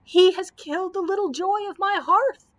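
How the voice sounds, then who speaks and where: A woman's voice: high-pitched, moderate pace, bright, forceful tone, no echo, pitched above the performer's own voice. A woman voicing an angry old male wizard who screeches threats. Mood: grief-stricken rage.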